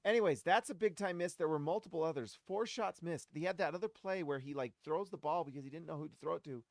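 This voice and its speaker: A man with a high, bright-sitting voice breaks down a game for his fan show in loose, casual commentary. He rants with animated exasperation, repeating complaints and shouting instructions at players who can't hear him. The sound is close and dry, with no room around it. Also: fast, dry recording. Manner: talks straight to the audience, shouts at players. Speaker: host of a basketball fan show.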